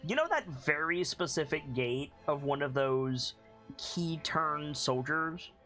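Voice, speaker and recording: A game master narrates a tabletop game in a bright, clear voice, piling up fillers and restarts while describing the scene. Faint music plays underneath. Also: mid-range voice, slow. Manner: animated, rambling descriptions with fillers.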